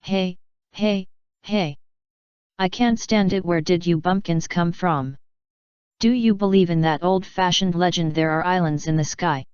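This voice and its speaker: A woman's voice: on the low side, measured pace, darkish tone, smooth, no echo, close to an everyday voice. A woman voicing a boastful, mocking adult male pirate in a sneering manner. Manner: sneering, laughing. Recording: dry, slightly dull recording.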